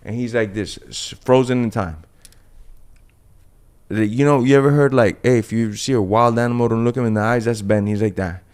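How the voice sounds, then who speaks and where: A man telling a fight story on a podcast, brash and profane, animated as he acts out the scene. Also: medium pitch, moderate pace, clean tone. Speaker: guest fighter.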